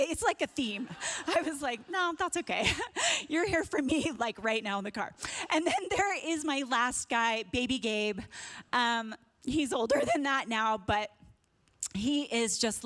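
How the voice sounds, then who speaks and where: A woman's voice: fairly high pitch, fairly bright tone. A woman preaching at a conference, emotional and laughing often. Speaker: pastor. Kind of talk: sermon. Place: church stage at a conference.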